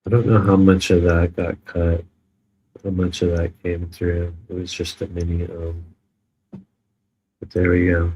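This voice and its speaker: Low-voiced sarcastic live streamer. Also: male voice, completely flat delivery, unhurried, pauses often, mellow, lo-fi sound. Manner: rambling, joking, sarcastic. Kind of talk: casual live stream chat.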